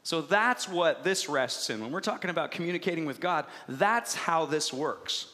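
A man in his thirties delivers a lively sermon, his voice sitting fairly high. He swings from hushed, slow lines to loud, excited bursts and acts out little voices as he goes. A long reverb trails behind him, as in a large hall. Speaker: pastor.

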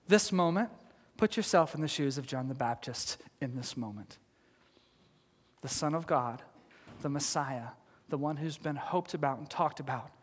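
A man's voice: mid-range voice, slightly rough, long reverb tail. A man preaching a sermon as pastor, telling the story with laughs, asides and acted quotes.

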